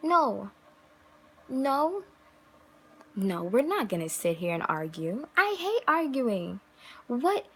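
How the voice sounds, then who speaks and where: A woman's voice: mid-range voice, big pitch swings, unhurried, a bit bright, husky, rough recording. A young woman vlogger talking casually to camera, giving emphatic relationship advice full of rhetorical questions. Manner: emphatic, rhetorical questions, acts out quoted voices.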